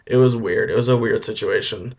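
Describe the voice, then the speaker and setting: A man retelling a film as a rambling comedy story, full of deadpan asides and fillers. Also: fairly low pitch, fairly quick. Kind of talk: comic retelling over music. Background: faint guitar music.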